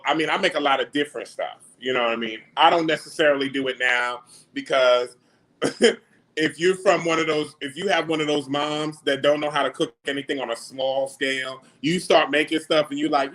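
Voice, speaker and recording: A man, hosting a casual livestream and chatting back to viewer comments in an animated, slangy way. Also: medium pitch. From New York. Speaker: livestream host.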